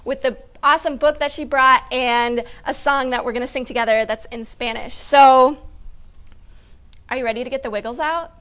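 A woman's voice: high-pitched, steady tone, normal speed, fairly bright tone. A woman hosting a children's story time as a family educator, giving upbeat, encouraging instructions and laughing often. She sits on a hard floor wearing a clip-on mic. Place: sitting on a hard floor indoors. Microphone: clip-on mic with wires.

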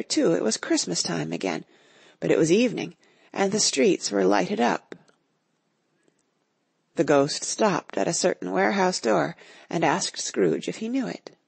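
A woman narrating an audiobook in an expressive storytelling manner. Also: medium pitch, a little slow, vocal fry, breathy edge, dry recording. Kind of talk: scripted narration.

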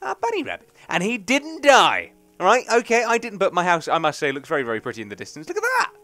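A man's voice: sits high, wildly swooping pitch, fast, sharp tone. A young man, rambling and joking through casual let's play commentary. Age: young adult. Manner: rambling, chatty, jokey. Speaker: gaming commentator.

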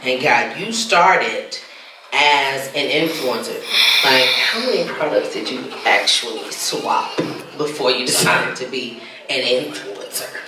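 A man's voice: medium pitch, expressive, takes it slowly, background noise. A man moderating a panel, asking long, joking questions. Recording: very echoey hall, mic far off.

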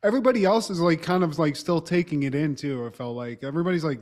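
A slightly high-voiced man recapping casually. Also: fast. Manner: relaxed storytelling, quoting characters, mild swearing. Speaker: podcast co-host. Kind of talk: casual chat recapping a TV episode.

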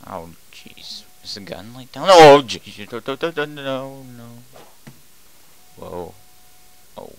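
A young man commenting on a game he is playing at his computer, moving from quiet muttering to loud panicked yelling, with a smooth voice and an unhurried pace. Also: mid-range voice, sing-song, no echo, poor audio. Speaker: gaming commentator. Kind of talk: excited gameplay commentary.

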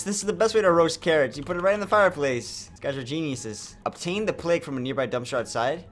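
A young man giving comedic, joking commentary over a video game, often breaking into loud sworn outbursts. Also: on the high side, fast talker, hardly any pauses, soft background music. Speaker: gaming YouTuber.

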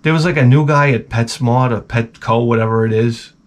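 A man hosting a comedy podcast, telling crude personal stories. He rambles and swears freely, with a deadpan delivery at a mid pitch. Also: fairly quick. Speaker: podcast host.

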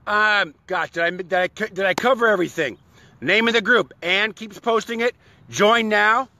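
A man's voice: high-pitched, moderate pace, sharp tone, slight background noise. A man hosting a live stream for his online community, talking to followers in a playful, exuberant, rambling way and breaking into silly songs. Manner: rambling, many restarts, greets viewers by name. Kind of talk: live-stream chat to followers with sung bits.

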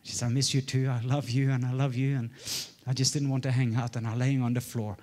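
Guy in his 40s preaching, storytelling, gets loud then goes real quiet. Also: mid-range voice, flat delivery, a little fast. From Norway. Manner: storytelling, swinging from loud exclaims to hushed murmurs. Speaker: guest preacher. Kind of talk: sermon.

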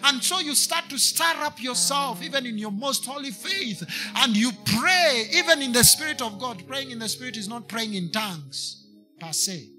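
A man's voice: very high-pitched, lively intonation, moderate pace, bright, forceful tone, soft background music. A man with a Kenyan English accent preaching a sermon to a congregation, slipping into Swahili and repeating lines for emphasis.

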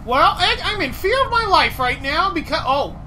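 High, bright jumpy woman gamer. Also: very animated, normal speed, a little hiss or hum. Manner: jumpy, yelps and swears when startled. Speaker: player. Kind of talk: let's play commentary.

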